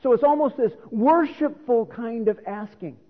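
A man's voice: very high voice, normal speed. A middle-aged man preaching a sermon, explaining scripture in an earnest, teaching manner. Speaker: pastor. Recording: reverberant hall on a phone-like line.

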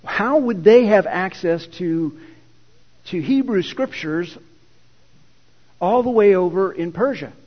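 A man preaching a sermon and retelling a scripture story in an animated, conversational way. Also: high-pitched, slow, pauses often. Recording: echoey hall, dull lo-fi.

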